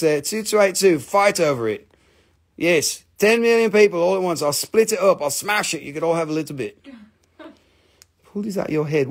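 Gravelly, joking man selling crystals live. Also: a little high. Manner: chatty, joking, self-mocking, rambling. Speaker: live stream crystal seller. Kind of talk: casual live sales stream banter.

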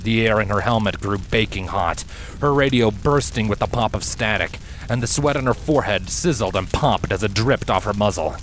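A man reading fan fiction aloud in a steady, measured audiobook narration. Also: lowish voice, a little hiss or hum. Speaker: fanfiction reader.

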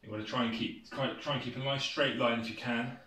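This British man speaks quickly in a steady, sharp-toned, mid-range voice. As a fitness instructor leading a home workout, he sounds casual and encouraging, loosely phrased and a little out of breath. It's a noisy, roomy home video picked up from a distant camera mic.

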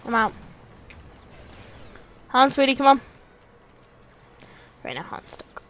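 A woman's voice: high voice, very animated, slow pace, background noise. A young woman giving casual, sweary, joking commentary while playing a video game. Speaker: let's play host.

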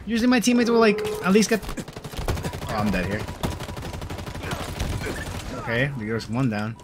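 An excitable young man talks through his match in a casual, slangy way, drifting from mumbled asides to sudden yelps. His voice leaps all over the place. Loud game gunfire and shooting sit right under his words. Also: medium pitch, measured pace, noisy background. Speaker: gamer. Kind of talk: casual gameplay commentary.

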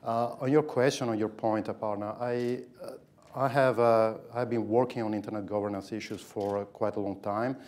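Man from Italy, lowish voice, a measured panel speaker. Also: fairly even intonation, a little mellow. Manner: measured, thoughtful, with frequent fillers. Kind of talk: panel discussion.

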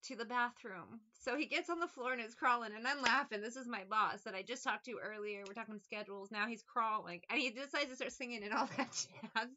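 Rambling woman tarot reader, bright tone. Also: fairly high pitch, fast, muffled recording. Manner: rambling, laughs often, breaks into singing. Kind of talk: casual chat. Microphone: phone.

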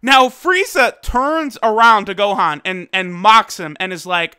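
A man giving a casual, excitable episode review, full of slang and fillers. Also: sits high, a little slow, clear, resonant tone. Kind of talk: casual commentary.

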